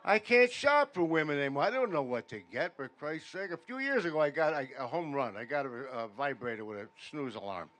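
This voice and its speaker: Stand-up comic man, slightly high voice. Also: a little fast, hardly any pauses, a faint crowd, slight background noise. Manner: punchy deadpan storytelling that builds louder toward punchlines. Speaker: stand-up comedian. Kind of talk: stand-up comedy set. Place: veterans' hall function room.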